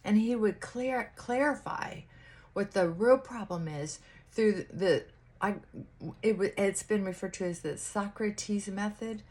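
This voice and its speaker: A woman chatting casually to camera while getting ready, musing aloud with pauses and restarts. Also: mid-range voice, darkish tone, slightly rough. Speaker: vlogger. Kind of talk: casual get-ready-with-me chat.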